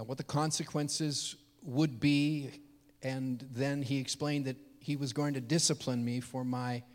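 Earnest male preacher in a reverberant hall. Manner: earnest, swings from hushed to loud and high when moved. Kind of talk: sermon storytelling.

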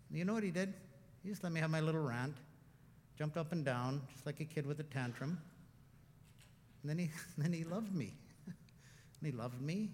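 A man preaching as a pastor. He shifts from hushed, tender passages to loud, impassioned ones, and he often laughs. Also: on the high side, big-room sound, a little hiss or hum. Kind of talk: sermon.

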